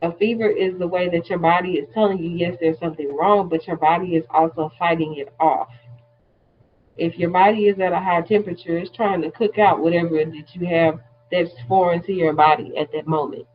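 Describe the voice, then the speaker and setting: A woman's voice: on the low side, steady tone, brisk, dull audio, slight background noise. A woman teaching a class, explaining terms step by step in a plain-spoken way. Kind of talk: classroom lecture.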